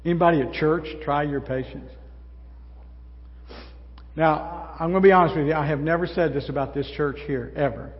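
Older male pastor, folksy, conversational sermon, slightly high voice, muffled recording in a large echoing sanctuary. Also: normal speed, long pauses. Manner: folksy, conversational preaching with rhetorical questions. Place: church sanctuary. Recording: muffled sound in a large reverberant hall.

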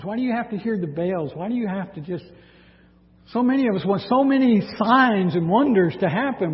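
A man preaching a sermon, reading scripture dramatically and speaking in an animated way. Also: sits high. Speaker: pastor. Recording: dull sound with long hall reverb.

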